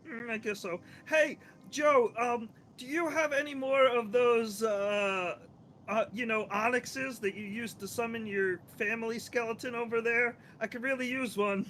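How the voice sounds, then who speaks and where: Brief: male player, high voice, hesitant and jokey, noisy mic. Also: steady tone, measured pace, fairly bright tone. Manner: hesitant, joking, filler-heavy. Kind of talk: tabletop game play.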